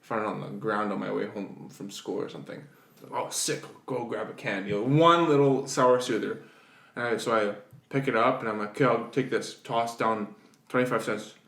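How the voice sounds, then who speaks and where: A young man co-hosting a casual podcast chat, telling animated childhood stories and jumping high in pitch when he laughs. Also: a little fast, gravelly. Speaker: podcast co-host. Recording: echoey room.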